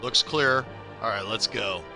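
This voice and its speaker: A young man streams a video game live, greeting viewers by name and offering tips in chatty, upbeat, casual commentary. His voice sits on the low side, a little slow, creaky, and sharp-toned, with soft background music.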